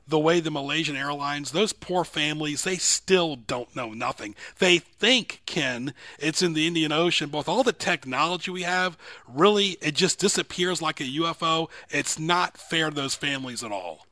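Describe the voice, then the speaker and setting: Bright-voiced radio host, emphatic. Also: male voice, on the high side, moderate pace, no room sound, studio quality. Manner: emphatic, rambling opinions. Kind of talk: casual radio talk. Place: radio studio.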